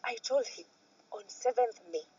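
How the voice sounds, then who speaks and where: A Kenyan woman telling a painful personal story as a guest, swinging from soft near-whispers to loud outbursts. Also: fairly high pitch, measured pace, slightly rough, far from the mic, muffled recording, faint music behind.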